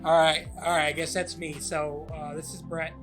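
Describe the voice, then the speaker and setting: A man's voice: on the high side, little pitch movement, normal speed, over loud music. A man co-hosting a podcast, grumbling and reluctant in casual chat. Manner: grumpy, reluctant. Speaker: podcast co-host.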